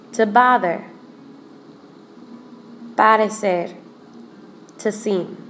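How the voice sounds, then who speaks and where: Slow, careful woman teaching grammar. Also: medium pitch, a little hiss or hum. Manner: slow, careful explaining, repeats examples. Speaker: Spanish teacher. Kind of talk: recorded grammar lesson.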